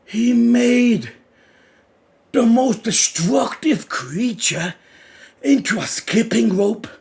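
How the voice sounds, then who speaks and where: Male manga reactor, unhurried delivery, alternates hype yelling with murmured play-by-play. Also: gravelly. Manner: swings between loud excited shouting and low muttered reading-along. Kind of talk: live reaction commentary.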